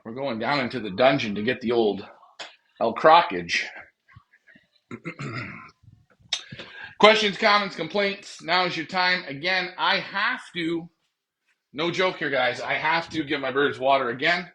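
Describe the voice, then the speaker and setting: A man's voice: on the high side, lively intonation, unhurried, long pauses, pushed and bright, slight background noise. A man hosting a pigeon racing live stream, joking and rambling to viewers as he walks out to his backyard loft at night. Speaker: pigeon racing show host. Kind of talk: casual live-stream chat.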